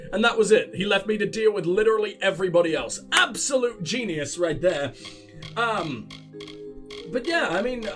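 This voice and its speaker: A man giving profane, sarcastic, rambling commentary while playing a video game. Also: sits high. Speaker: let's play host. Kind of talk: gaming commentary.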